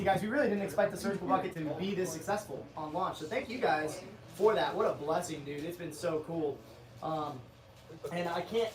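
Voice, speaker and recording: A man's voice: sits high, roomy sound. A man co-hosting a company livestream, chatting loosely with viewers and joking with his co-host. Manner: loose, joking, talks to chat, says dude. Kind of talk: casual livestream chat.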